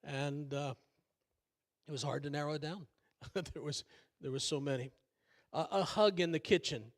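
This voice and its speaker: A man's voice: on the high side, moderate pace. Older male pastor, folksy and rambling. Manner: folksy, conversational with frequent fillers and self-deprecating asides. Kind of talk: sermon. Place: church sanctuary.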